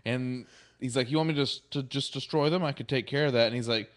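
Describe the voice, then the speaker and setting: A man co-hosting a casual podcast, retelling TV episodes in an animated way and acting out the characters' lines. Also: fairly quick. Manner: animated retelling, acting out quotes with lively pitch jumps. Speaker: podcast co-host. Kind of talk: casual chat recapping episodes.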